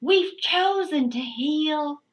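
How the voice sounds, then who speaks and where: Woman putting on a slow Southern speaker. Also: sits high, expressive, pitched above the performer's own voice, exaggerated voice, rough recording. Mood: earnest. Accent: put-on Southern US. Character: woman leading a beach healing gathering.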